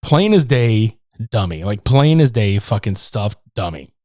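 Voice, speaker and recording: A man co-hosting a casual movie review podcast, animated and profane, joking around. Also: on the low side, unhurried, no echo, clean studio sound. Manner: animated, profane, breaks into silly voices. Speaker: podcast co-host.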